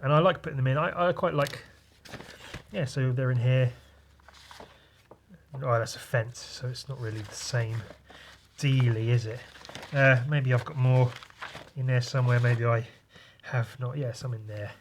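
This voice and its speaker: A man's voice: mid-range voice, steady tone, moderate pace, long pauses, slight background noise. Crude, rambling man drawing. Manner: crude, rambling, self-mocking jokes. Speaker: podcast host and comic artist. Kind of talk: casual drawing podcast.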